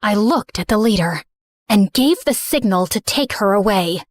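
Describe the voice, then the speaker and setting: A woman narrating in first person as a remorseful, misunderstood teenage girl, earnest and soft. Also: mid-range voice, lively intonation, moderate pace, no room sound, close to an everyday voice. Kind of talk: scripted story narration.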